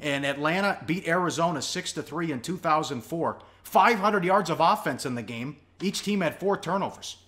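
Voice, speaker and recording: A man co-hosting a sports betting show, opening it with excitable, hyped-up energy. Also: fairly high pitch, normal speed, few pauses.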